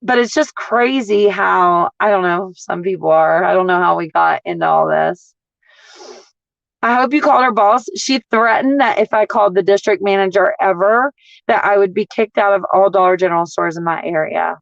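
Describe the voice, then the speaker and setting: A woman, ranting in a casual livestream as a couponing vlogger, blunt, profane and animated as she tells stories. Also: medium pitch, moderate pace, creaky, no echo, lo-fi sound.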